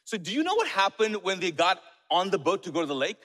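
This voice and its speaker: A high-voiced male pastor delivers a lively sermon, quizzing his congregation and slipping in jokes. His voice rings out with the long reverb of a church hall. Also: fast talker. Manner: lively, asks the congregation questions, joking asides.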